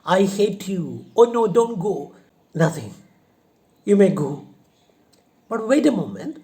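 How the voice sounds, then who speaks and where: A man's voice: sing-song, slow pace, full character voice. A male teacher putting on the voice of an angry, fickle widow who keeps changing her mind. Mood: flustered. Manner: shrill, flip-flopping, loud outbursts.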